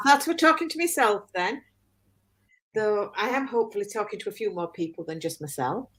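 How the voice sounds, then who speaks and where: A woman's voice: mid-range voice, lively intonation, brisk, a bit bright. An older woman hosting a podcast, talking in a rambling, hesitant way with many restarts. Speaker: podcast host. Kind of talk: reflective podcast talk on self-talk.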